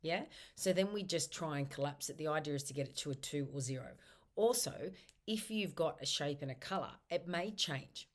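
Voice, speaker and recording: Very low-voiced woman teaching tapping. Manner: gentle, repeats tapping phrases slowly. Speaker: tapping practitioner. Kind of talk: guided self-help instruction.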